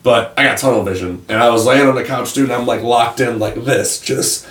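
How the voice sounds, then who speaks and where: A man's voice: mid-range voice, fairly quick, fairly bright tone, far from the mic. A young man, a podcast co-host, telling a long rambling story in casual chat and swearing freely. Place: attic room. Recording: roomy echo, off mic.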